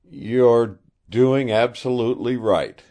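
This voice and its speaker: A man's voice: mid-range voice, slow, mellow, voice pushed up, close to an everyday voice. Man reading a firm young lawman. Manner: firm, commanding. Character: stern young male law officer. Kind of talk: audiobook character reading.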